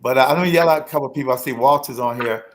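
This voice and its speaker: A man hosting a podcast interview in a casual, animated way, often laughing and calling out to listeners. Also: medium pitch, very fast. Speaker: podcast host.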